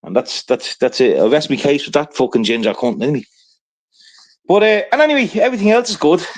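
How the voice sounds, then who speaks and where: A man's voice: on the high side, sing-song, fairly quick. A man telling a rambling, profane story in casual livestream chat, peppering it with "right?".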